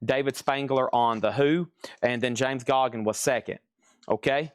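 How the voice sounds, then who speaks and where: A man hosts a live record auction stream, running through titles, prices and bidders with quick asides. His voice is smooth and clear, recorded close and dry with no room sound. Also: medium pitch, steady tone, no room sound.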